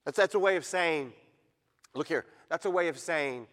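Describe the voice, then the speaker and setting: A middle-aged male pastor preaching a sermon in a church, emphatic and rising to loud peaks as he reads scripture. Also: fairly high pitch, moderate pace, in a large hall. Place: church sanctuary.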